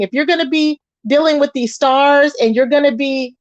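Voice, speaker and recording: A woman hosting a casual gossip commentary show, chatty and animated, answering her live chat. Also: high voice, moderate pace, dry recording, muffled recording. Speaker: commentary channel host.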